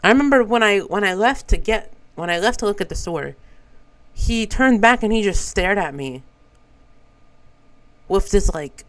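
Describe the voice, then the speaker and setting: A man's voice: high voice, moderate pace, long pauses, rough recording. A young man from Brazil whose first language is Portuguese, a streamer telling a casual story with lots of swearing. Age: young adult. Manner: animated, swears a lot. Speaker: vtuber streamer.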